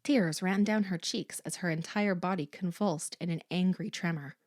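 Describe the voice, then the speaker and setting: A woman narrating a horror audiobook in a slow, hushed, suspenseful manner. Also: fairly low pitch, dry recording, clean studio sound.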